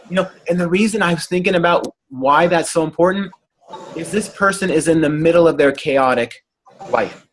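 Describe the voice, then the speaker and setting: A man's voice: fairly high pitch, slight background noise. A man leading a group coaching call, talking in an earnest, encouraging way over a video call. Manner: earnest, animated when imitating excitement. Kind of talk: motivational coaching talk.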